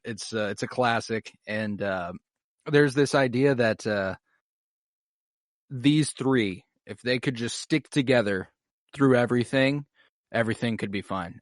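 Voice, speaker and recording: A young man co-hosting a fan podcast, eager and lively as he talks through favorite scenes. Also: on the low side, no echo, clean studio sound. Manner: enthusiastic, animated when quoting scenes. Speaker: podcast co-host. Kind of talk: casual fan podcast chat.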